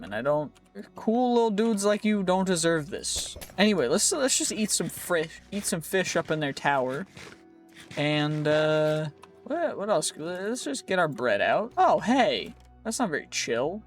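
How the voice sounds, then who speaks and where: A man giving chatty, rambling commentary while playing a video game, joking around and restarting his sentences often. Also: high voice. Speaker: gaming video creator. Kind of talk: casual gameplay commentary.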